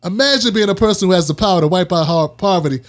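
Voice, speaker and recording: Animated high-voiced man ranting on politics. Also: fast. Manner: animated, preachy, repeats phrases for emphasis. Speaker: host. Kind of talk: casual political commentary.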